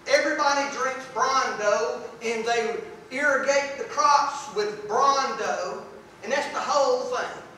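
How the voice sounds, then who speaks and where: A man's voice: extremely high pitch, unhurried, pushed and bright, a little hiss or hum. A man preaching a sermon in a folksy, emphatic way, repeating words for stress. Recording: echoey room, voice from a distance.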